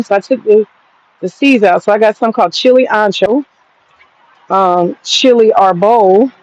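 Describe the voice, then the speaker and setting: A woman's voice: medium pitch, moderate pace, darkish tone, dull audio. A woman hosting a casual livestream from her home garden, chatty and profane and laughing often. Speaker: livestream host.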